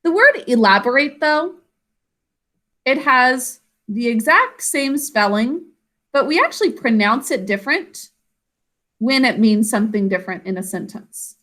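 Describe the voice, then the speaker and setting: A woman teaching her class over a video call, patient and encouraging as she walks through each word step by step. Her voice is bright and somewhat high, with a forceful edge. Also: very animated, a little slow. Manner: explains step by step. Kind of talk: classroom instruction.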